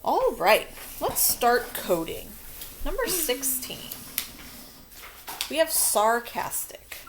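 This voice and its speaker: A woman teaching a children's spelling lesson, dictating words slowly and walking through how to mark each syllable. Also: high voice, wildly swooping pitch, a little hiss or hum. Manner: slow, stretched-out word dictation.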